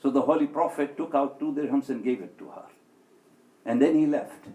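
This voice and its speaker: A man giving a sermon and telling stories, acting out the quoted speech with big swings in pitch and loudness. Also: animated, brisk. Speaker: speaker at an Islamic center. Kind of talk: sermon with storytelling. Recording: echoey hall.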